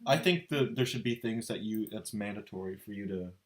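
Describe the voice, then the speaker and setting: A man's voice: lowish voice, a little fast. A teenage boy co-hosting a casual student podcast, rambling, laughing often and losing his train of thought. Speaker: co-host. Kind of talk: casual chat. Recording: echoey room with faint noise.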